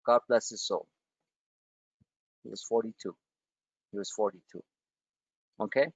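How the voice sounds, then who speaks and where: A man's voice: fairly low pitch, fairly even intonation, measured pace, creaky, breathy edge, dry recording, lo-fi sound. A man hosting a stock trading webinar, talking bluntly and emphatically, swearing and repeating himself for effect. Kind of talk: live trading webinar rant.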